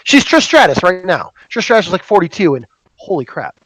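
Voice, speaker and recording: A man narrating as game master in a tabletop game, animated and joking. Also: high voice, a little fast, no echo, poor audio.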